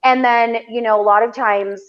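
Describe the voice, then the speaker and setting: A woman talking in a blunt, profane, animated way, telling stories in a casual podcast chat. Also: a little high, moderate pace. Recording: dull lo-fi sound.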